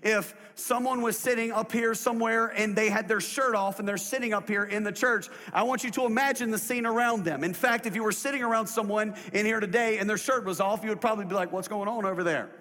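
A man preaching a sermon as a pastor, telling a story in an emphatic, lively way in a church. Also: high-pitched, brisk, hardly any pauses. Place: church sanctuary. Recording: long hall reverb.

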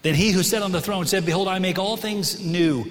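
A middle-aged man preaching a sermon to his congregation in a church, conversational and animated, often asking the room questions. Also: sits high, a little fast. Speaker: pastor. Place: church sanctuary. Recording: long hall reverb.

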